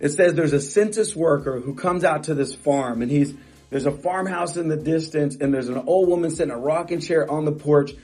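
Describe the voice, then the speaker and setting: A man's voice: on the high side, a little fast, a little mellow, soft background music. A middle-aged man coaching real estate agents in a motivational talk, emphatic and repetitive, often restarting phrases.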